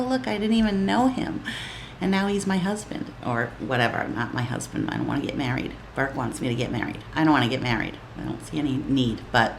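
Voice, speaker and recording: A woman's voice: deep voice, a little hiss or hum. A woman vlogger chatting casually while applying makeup, rambling and getting giggly and flustered, recorded on a camera mic.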